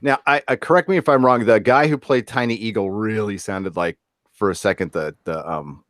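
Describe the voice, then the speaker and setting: A man co-hosting a casual episode review, adding side comments and quick character impressions. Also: fairly low pitch, a bit bright, no room sound, studio quality. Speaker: podcast co-host. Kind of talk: casual recap chat.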